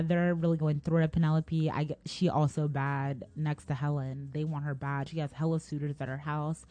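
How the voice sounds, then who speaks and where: A woman's voice: sits low, a little mellow, no room sound. Rambling slangy young woman retelling. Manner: rambling, slangy, lots of fillers and laughs. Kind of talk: casual storytelling retelling.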